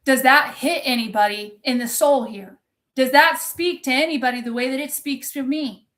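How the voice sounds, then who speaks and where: Coaching viewers in a live-streamed pep talk, a woman with a high-pitched, somewhat bright voice talks at normal speed. The motivational coach is intense, impassioned and swears a lot, pausing to reply to the chat.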